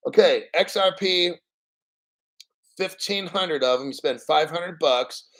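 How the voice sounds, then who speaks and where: A man's voice: fairly high pitch, slow pace, fairly bright tone. A man hosting a crypto channel in casual livestream chat, blunt, profane and rambling.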